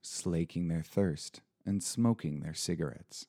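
A man's voice: deep voice, slow pace, few pauses, mellow. A man who reads audiobooks, tired and punchy after a long day in the studio, rambling jokily and slipping into mock-British pub talk. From Washington State, USA. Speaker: audiobook reader. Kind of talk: rambling off-script chat. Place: recording studio.

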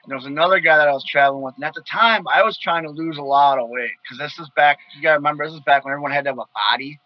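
A man's voice: a little high, very fast, dry recording, highs cut off. A man from Wisconsin telling casual stories as a guest, acting out the quoted voices with energy. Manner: animated, acts out quoted voices loudly. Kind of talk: casual storytelling.

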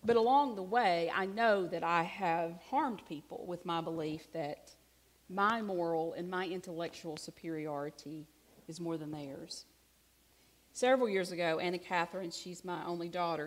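A middle-aged woman from Alabama with a Southern accent, preaching a sermon in a conversational, self-deprecating storytelling way with hushed asides. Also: on the low side. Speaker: pastor.

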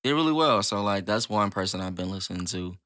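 A man co-hosting a casual podcast, speaking in a laid-back, soft-spoken way. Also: on the low side, animated, fast, dry recording, clean studio sound. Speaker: podcast co-host. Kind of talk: casual chat.

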